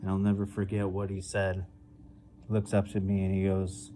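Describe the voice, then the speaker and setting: Deadpan young man, flat low voice. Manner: halting, filler-heavy, deadpan. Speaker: stand-up comedian. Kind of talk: stand-up comedy set. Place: home, over a video call. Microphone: video call.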